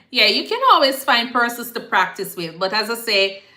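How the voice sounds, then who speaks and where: A woman's voice: on the high side, expressive, normal speed, bright, forceful tone. A young woman with a Jamaican accent, a nurse hosting a casual live Q&A and mixing patois phrasing into her advice. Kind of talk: casual live-stream chat. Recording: echoey room.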